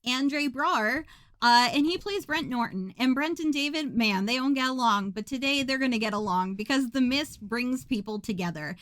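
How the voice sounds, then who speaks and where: Wisecracking woman podcaster, slightly high voice. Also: lively intonation, normal speed, a bit bright, no room sound. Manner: sarcastic, joking, laughs often. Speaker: podcast co-host. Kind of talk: casual podcast chat, recapping a film.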